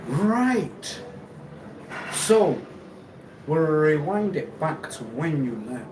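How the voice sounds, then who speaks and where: Slow, rambling man on a live stream. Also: a little high, very animated, distant mic. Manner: halting, repeats himself, laughs often. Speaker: livestream host. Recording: echoey room, off-mic, noisy ambience.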